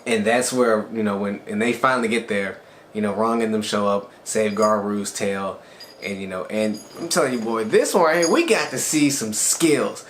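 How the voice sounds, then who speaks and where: A man casually recapping an anime episode as a reviewer, telling it loosely and with excitement. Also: on the low side, moderate pace. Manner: excited storytelling, loose and conversational. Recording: echoey room with faint background noise.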